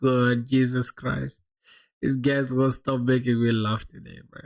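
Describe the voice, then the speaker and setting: Gravelly man thinking aloud while coding. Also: medium pitch, flat delivery, a little slow, a little mellow, dull audio. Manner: thinks aloud, laughs often, says "bro" a lot. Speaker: streamer coding live. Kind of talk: casual live-coding stream chat.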